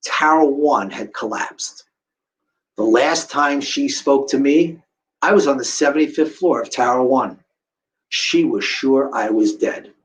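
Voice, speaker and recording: A man's voice: mid-range voice, measured pace, low-quality recording. A middle-aged man giving a live storytelling talk to an audience, acting out the voices of the people in his story. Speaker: guest speaker telling a survivor story.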